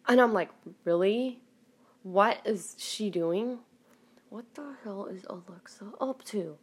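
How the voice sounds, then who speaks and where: A woman hosting her own podcast, chatting casually at home, rambling with frequent laughs and some swearing. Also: medium pitch. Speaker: podcast host. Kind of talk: casual personal monologue. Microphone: home recording.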